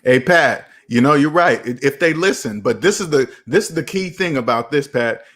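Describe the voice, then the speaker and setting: A young man hosting a casual live chat about personal finance, talking in an animated, preachy and repetitive way. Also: mid-range voice, normal speed. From United States. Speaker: finance channel host.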